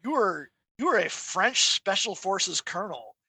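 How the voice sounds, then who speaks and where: Middle-aged man, podcast co-host; gravelly, bright tone, dry close sound, animated storyteller. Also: high voice, a little slow, no room sound, rough recording. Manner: animated storyteller, acts out quoted voices. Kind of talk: casual chat.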